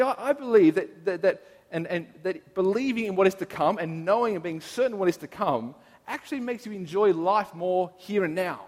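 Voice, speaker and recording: High-voiced pastor preaching in a hall. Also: male voice. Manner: earnest, personal, reflective storytelling. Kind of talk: sermon. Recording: long reverb of a large hall.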